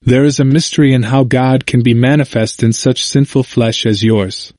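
A man's voice: medium pitch, steady tone, normal speed, a little mellow, no echo, studio quality. Earnest man reading a sermon aloud. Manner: earnest, emphatic, rhetorical questioning. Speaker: sermon reader.

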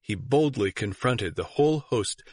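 Dry, measured male audiobook reader. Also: medium pitch, lively intonation, dry recording. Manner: measured reading, lifts and slows for quoted shouts. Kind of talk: audiobook narration of church history.

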